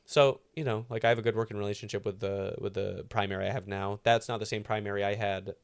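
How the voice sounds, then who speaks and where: Male podcast co-host, low pitch, loose rambling chat. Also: fairly even intonation, fast. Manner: rambling, lots of fillers and restarts. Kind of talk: casual chat.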